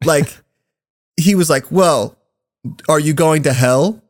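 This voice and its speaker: High-voiced man telling a wild story. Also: slow pace. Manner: animated, swears often, acts out quotes. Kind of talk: casual storytelling among friends.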